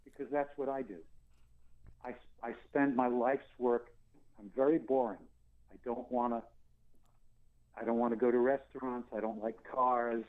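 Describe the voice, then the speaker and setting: A singer-songwriter in his sixties from New York, telling animated stories and acting out dialogue as an interview guest. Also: medium pitch, normal speed, long pauses. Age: 60s. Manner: animated storyteller who acts out dialogue and laughs. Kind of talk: phone interview. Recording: tinny phone line.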